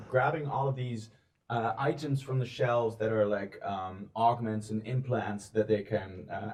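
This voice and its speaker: Hesitant game master, full of ums. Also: male voice, fairly low pitch, darkish tone. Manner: hesitant, filler-heavy narration. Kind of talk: narrating a tabletop game.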